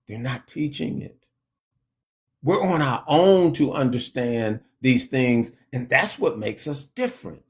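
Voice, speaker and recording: Slow, emphatic male preacher. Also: fairly high pitch. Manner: slow, emphatic preaching with sharp rises on scripture quotes. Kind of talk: sermon.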